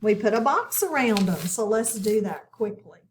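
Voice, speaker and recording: A woman's voice: mid-range voice, sing-song, slight background noise. A woman teaching a phonics lesson, patiently sounding out words and asking her students questions. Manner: encouraging, asks the class questions, repeats words slowly. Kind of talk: slow, patient classroom instruction.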